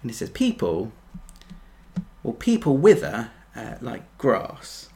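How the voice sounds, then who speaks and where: Gravelly man preaching a sermon. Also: medium pitch, huge pitch swings, takes it slowly. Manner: earnest, builds to emphatic peaks then drops soft.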